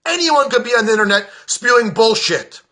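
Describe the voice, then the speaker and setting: A man's voice: very high-pitched, expressive, fairly quick, pushed and bright. An American man, a veteran, delivering a heated, profane, sarcastic political rant to the camera in an agitated state. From United States.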